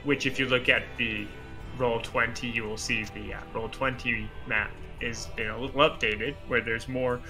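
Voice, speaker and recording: A man narrating as game master in a tabletop game, halting, with many fillers. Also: mid-range voice, steady tone, over music.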